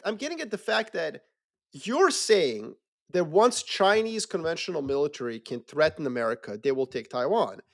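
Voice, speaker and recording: A man talking politics in a loose, animated way, swearing freely and acting out quick mocking voices. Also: fairly high pitch. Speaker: podcast co-host. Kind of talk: casual geopolitical discussion.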